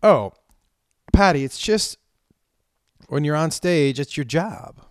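A man's voice: fairly high pitch, slow pace, dry recording. Profane man ranting in a dry room. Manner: profane, animated storytelling rants. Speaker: comedian. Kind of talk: casual chat.

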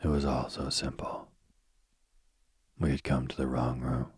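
Very deep whispering male storyteller. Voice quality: husky, whispery. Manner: slow, soft and even reading.

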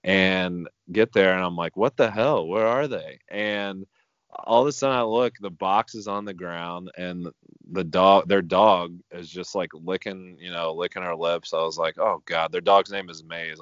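Deep smooth-voiced man telling a story. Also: steady tone, measured pace, fairly bright tone, no room sound, lo-fi sound. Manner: rambling, many "like" fillers. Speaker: podcast co-host. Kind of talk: casual storytelling.

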